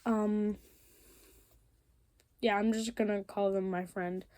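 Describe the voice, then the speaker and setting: Chatty teen girl ranting, mellow voice. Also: medium pitch, flat delivery, takes it slowly, no echo. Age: teens. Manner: chatty, rambling, frequent ums and likes. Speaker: vlogger. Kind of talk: casual rant while crafting.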